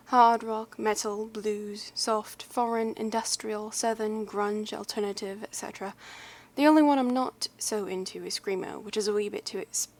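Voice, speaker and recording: A young American woman chatting casually, then reading a list aloud in a put-on, deliberately bad English accent, rambling and giggly with lots of fillers. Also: fairly high pitch. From United States. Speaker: YouTuber.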